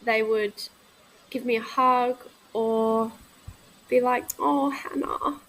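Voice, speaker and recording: A woman in her thirties talking candidly in a casual podcast conversation, reflective and halting, often restarting her sentences. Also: on the high side, level tone, a little hiss or hum, low-quality recording. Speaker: guest, midwife.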